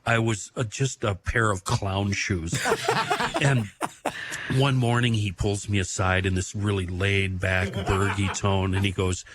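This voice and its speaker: A man hosting a podcast, chatting and reminiscing in a halting, filler-heavy way. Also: lowish voice, level tone, background noise. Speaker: podcast host. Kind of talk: casual chat.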